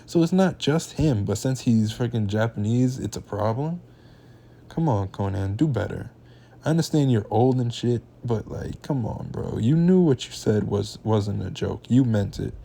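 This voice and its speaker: Mellow-voiced young man ranting casually. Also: medium pitch, animated, moderate pace, creaky. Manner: heated, slangy ranting. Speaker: reaction channel host. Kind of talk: casual reaction commentary.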